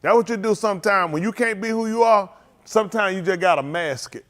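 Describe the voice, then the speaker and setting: A man's voice: high-pitched, fairly quick, fairly bright tone. A man, leading a congregation and greeting livestream viewers by name in a joking, teasing, casual way. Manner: joking, teasing, calls out names.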